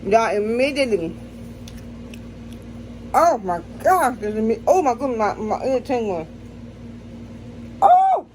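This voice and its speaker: Excitable woman vlogger, AAVE speech. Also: fairly high pitch, measured pace, long pauses, slight background noise. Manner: excitable, dramatic reactions to spicy food. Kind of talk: casual chat to camera.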